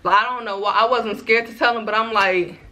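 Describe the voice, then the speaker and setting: A bright, crisp-toned young woman in her twenties tells a personal story in a casual vlog. She talks in an animated, chatty way and keeps turning to her viewers. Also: a little high, brisk. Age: 20s. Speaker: vlogger.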